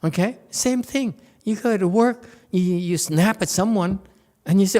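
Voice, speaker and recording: A man's voice: sits high, normal speed. A man giving an informal Dharma lecture in a temple hall, playful and teasing, laughing often and checking in with "okay?".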